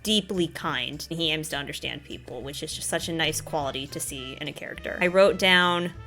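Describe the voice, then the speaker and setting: A woman hosting a casual chat, animated and enthusiastic, often laughing as she talks. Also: low-pitched, a little fast, soft background music. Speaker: host.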